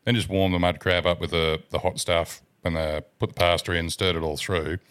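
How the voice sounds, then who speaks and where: A man's voice: low-pitched, level tone, fairly quick, fairly bright tone. An Australian man, a podcast guest, chatting in a laid-back way, giving detailed accounts and swearing casually. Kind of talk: casual chat.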